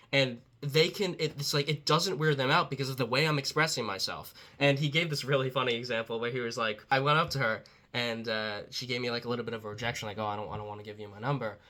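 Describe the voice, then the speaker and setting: A man talking as a dating coach in a casual motivational talk, blunt and profane, quoting others in quick asides. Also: medium pitch, bright, forceful tone.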